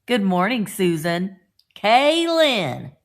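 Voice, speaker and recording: Chatty gravelly-voiced woman hosting a live chat. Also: medium pitch, big pitch swings, slow. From Indiana. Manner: chatty, greets viewers by name. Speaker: live-stream host.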